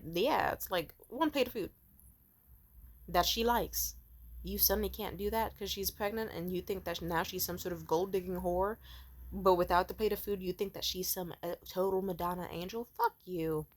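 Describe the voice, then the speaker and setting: Young woman, ranting commentary host, profane, heated, mid-pitched voice. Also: fairly bright tone. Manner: profane, heated, acts out quoted people in raised voices.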